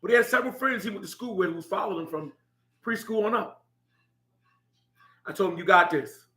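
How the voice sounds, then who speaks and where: A man's voice: high voice, brisk, bright, forceful tone. A middle-aged man telling a heartfelt story about his son, laughing now and then as he speaks. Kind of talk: personal storytelling. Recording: echoey room.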